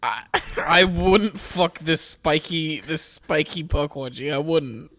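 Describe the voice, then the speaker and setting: A man co-hosting a casual podcast, chatting in halting, hesitant, profane banter. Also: a little high, fairly bright tone, dry recording. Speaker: podcast co-host.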